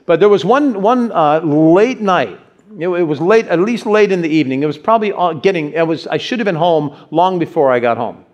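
A male pastor giving a sermon, telling stories in an animated way and putting questions to his congregation. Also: fairly high pitch, brisk, lo-fi sound. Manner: animated storyteller, acts out quotes, asks the audience questions. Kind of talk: sermon with personal storytelling.

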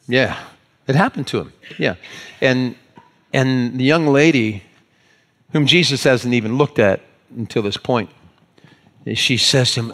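A man's voice: medium pitch, a little slow, long pauses, fairly bright tone. A man preaching as a pastor, telling a self-mocking everyday story in a folksy, conversational way. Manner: folksy, self-mocking anecdote with acted-out voices. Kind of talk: storytelling sermon.

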